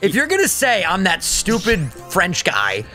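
A young man giving casual gameplay commentary as a co-host, excitable and teasing, laughing often. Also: high-pitched, measured pace, faint music behind. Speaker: co-host of a gaming series.

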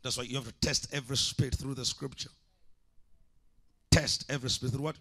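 A man's voice: medium pitch, fairly even intonation, fairly quick, pushed and bright. A man preaching a sermon as an evangelist, impassioned, with repeated call-and-response lines.

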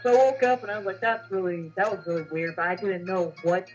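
In a relaxed chat, a young female co-host tells the story of a dream with lively energy, performing the quoted lines as she goes. She has a lowish voice and talks fast, with faint music behind her on a low-quality recording.

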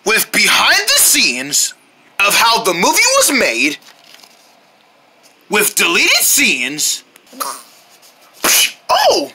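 A woman narrating a homemade DVD trailer in an excitable, playful way, breaking into shouts and sound effects. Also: mid-range voice, drawn-out words, pauses often, slight background noise.

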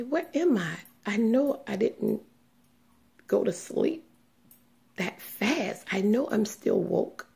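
Woman telling her testimony real slow, whispery and teary, kinda gravelly. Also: medium pitch. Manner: slow, hushed and trembling, often dropping to a whisper. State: tearful, on the verge of crying. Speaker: testimony speaker. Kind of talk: personal religious testimony.

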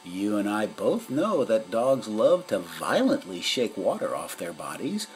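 A man's voice: lowish voice, big pitch swings, unhurried, slight background noise, poor audio. A man voicing a grand, serene female cat detective in a storybook reading, speaking in a stately, self-assured way. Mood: explaining.

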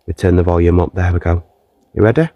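A man's voice: low voice, fast talker, dry recording, lo-fi sound. Earnest man hosting a ghost hunt. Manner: earnest and coaxing toward the spirit, chatty with viewers. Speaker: ghost-hunting livestream host. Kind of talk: live paranormal investigation, talking to a spirit and viewers. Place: castle grounds. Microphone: handheld phone streaming live.

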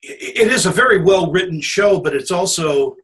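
A male interview host with a slightly high voice. He speaks haltingly and stumbles over the first words of his sentences as he responds to his guest. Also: expressive, a bit bright, rough recording. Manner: halting, stammers on openings. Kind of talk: conversational interview.

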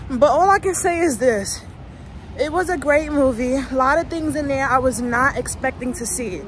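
A woman's voice: high-pitched, normal speed, slight background noise. A woman vlogger giving a heated, profane, emotional movie rant straight to her viewers, talking casually to a phone camera outdoors.

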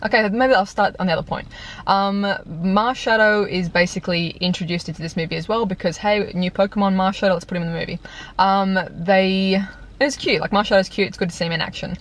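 Young woman, vlog host, chatty and animated, casual review talk into a camera mic. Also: medium pitch, fairly quick. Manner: chatty, animated, lots of fillers. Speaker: YouTube vlogger reviewing a film. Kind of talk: casual chat. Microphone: compact camera mic.

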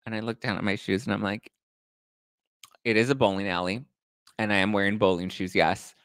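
A young man hosting a casual gossip show, telling stories in a campy, animated way and swearing freely. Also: a little fast, smooth, no echo. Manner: animated, campy, swears freely, acts out quoted people in high voices. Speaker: host.

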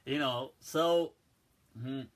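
A man's voice: medium pitch, very slow. A man hosting a casual religious talk on a live stream, chatty, with many fillers and laughs at his own jokes. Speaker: Islamic scholar and live-stream host. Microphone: front-facing phone or webcam.

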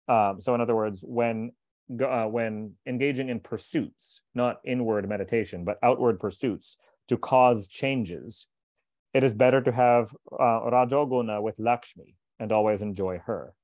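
A man reading a translated scripture aloud in a measured, deliberate way, stopping for short explanatory asides. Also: medium pitch, a little mellow, no echo. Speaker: scripture reader and teacher.

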